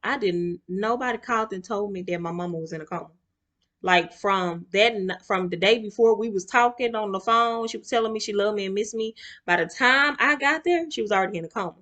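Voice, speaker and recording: A young woman with a mid-range voice talks a little fast to camera in a chatty storytime vlog. She's animated, acts out her relatives' voices, and drops in "y'all" asides.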